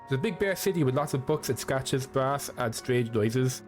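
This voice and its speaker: A man's voice: medium pitch, expressive, moderate pace, faint music behind, natural voice. A man voicing a playful, odd young male scholar from a video game, telling rambling whimsical stories.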